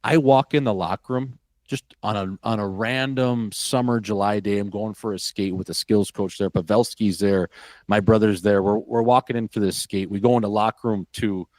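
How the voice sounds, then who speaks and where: A man from Wisconsin tells a story as a podcast guest, animated and full of profanity. His voice sits low, and the recording is dry and close. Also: moderate pace, no room sound. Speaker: podcast guest, former hockey player. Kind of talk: casual storytelling.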